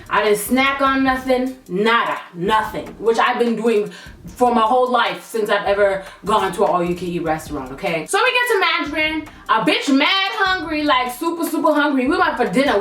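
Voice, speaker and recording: A young woman telling a storytime vlog in a lively, slangy way, swearing freely. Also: a little high, roomy sound, distant mic. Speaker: vlogger.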